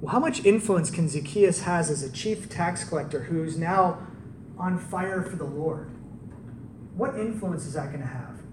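Male preacher, conversational and animated, recorded from a distance with faint background noise. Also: on the high side, unhurried, echoey room. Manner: conversational, animated storytelling with rhetorical questions. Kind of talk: sermon.

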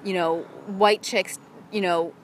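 A woman's voice: mid-range voice, fairly even intonation, slow pace, a little hiss or hum. A woman from the Midwest hosting a casual podcast chat, filling her talk with "you know" and "like". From American Midwest. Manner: chatty, lots of "you know" and "like".

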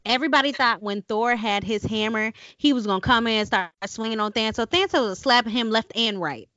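A woman with a Southern country accent co-hosting a casual podcast chat, teasing and quick to laugh. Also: on the high side, pushed and bright, dry recording. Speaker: podcast co-host. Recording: dull lo-fi podcast audio.

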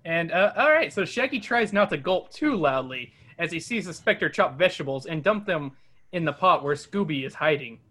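A man hosting a podcast, reading a children's adventure book aloud with animated asides and character voices. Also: a little high, moderate pace.

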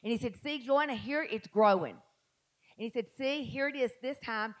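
A middle-aged woman with a Southern US accent, preaching a sermon and telling her story, building to shouted exhortation. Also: fairly high pitch, moderate pace.

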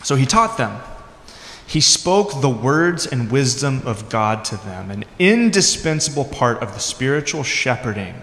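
Brief: male pastor, conversational sermon, mid pitch, church hall with long reverb. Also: sing-song, a little slow, a bit bright. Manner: conversational preaching, acts out quoted lines with voices. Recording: echoey hall.

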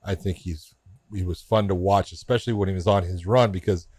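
A man hosting a podcast, talking in a measured, plain-spoken way about fights. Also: sits low, steady tone, a little mellow, breathy edge. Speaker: podcast host. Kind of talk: casual chat.

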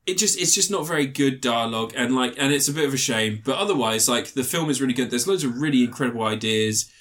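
Animated and quick, this man has a mid-range, slightly bright voice. As a podcast co-host, he rambles through a casual film review, cursing freely and parodying the characters with mocking voices.

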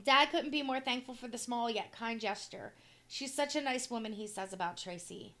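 A woman's voice: a little high, normal speed, pushed and bright. A middle-aged woman co-hosting a talk show, reading stories aloud and commenting bluntly. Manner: blunt, swears casually. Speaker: podcast co-host. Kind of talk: reading news stories aloud, casual chat.

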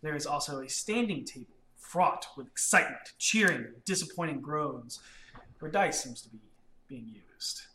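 A man's voice: fairly high pitch, expressive, moderate pace, pushed and bright. A man narrating as game master for a tabletop game in a casual, filler-heavy way. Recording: echoey room.

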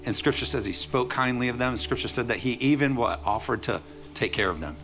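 A male pastor giving a sermon to a congregation in a church, preaching in an energetic, conversational way with playful asides. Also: mid-range voice, a little fast, soft background music.

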